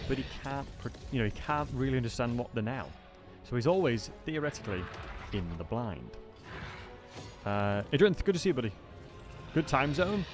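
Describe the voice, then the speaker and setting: A relaxed English man with a non-southern accent commentates on a live game stream in a loose, chatty way. His pitch sits in a middling range, and steady music plays behind him. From England. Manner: chatty, greets chat viewers by name. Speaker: gaming livestreamer.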